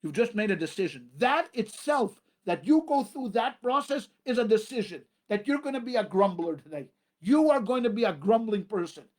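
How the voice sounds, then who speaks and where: A man, a rabbi, preaching a sermon with emphatic repetition and dramatic pauses. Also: high-pitched, lively intonation.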